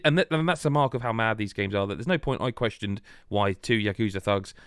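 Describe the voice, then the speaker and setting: A British man hosting a casual podcast, retelling a game story with animated energy and laughing asides. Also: lowish voice, a little fast, clear, resonant tone, no room sound, studio quality. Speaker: podcast host. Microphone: remote video call.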